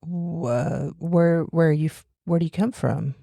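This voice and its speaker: A woman voicing a polite, cautious male kobold traveler with a slow Southern drawl and hesitant manner. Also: low voice, vocal fry, warm tone, no room sound, studio quality, exaggerated voice. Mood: curious. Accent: Southern US, put on.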